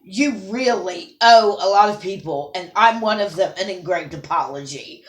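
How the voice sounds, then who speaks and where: Speaking at a moderate pace in an expressive, medium-pitched voice, this woman delivers an emotional vlog rant to camera. She is angry and scolding, sometimes tearful, and the room echoes noticeably.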